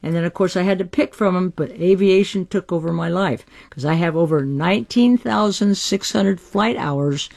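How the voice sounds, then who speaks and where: A woman's voice: lowish voice, moderate pace, gravelly, few pauses, a little mellow. An older American woman in her eighties tells her story with spirit and emphasis. She speaks in an archived radio interview, firm and keen. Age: 80s.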